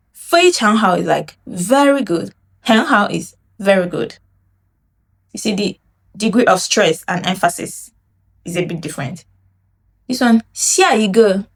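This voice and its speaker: A woman teaching a Mandarin lesson in English, saying phrases slowly and drawing them out for learners to repeat. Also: mid-range voice. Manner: slow, drawn-out model phrases for learners to repeat; explains in English, demonstrates in Mandarin. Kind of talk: language lesson with repetition drills.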